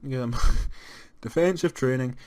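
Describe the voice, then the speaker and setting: A young Scottish man giving casual let's-play commentary on a football management game, moving from flat disappointment to excited shouts. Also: medium pitch, measured pace. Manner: animated, jumps to excited shouts at goals. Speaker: gaming commentator.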